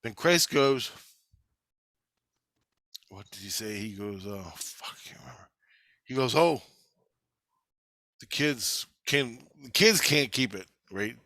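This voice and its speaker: A half-awake man rambling through a profane, casual story, quoting others in quick asides. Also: mid-range voice, expressive, pushed and bright, no echo, studio quality. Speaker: video maker. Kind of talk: casual chat.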